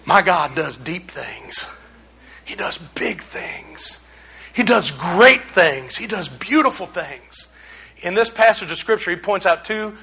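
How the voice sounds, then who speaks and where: A man's voice: high voice, bright, forceful tone. A man preaching a casual sermon, rambling and conversational with folksy asides to the congregation. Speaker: pastor.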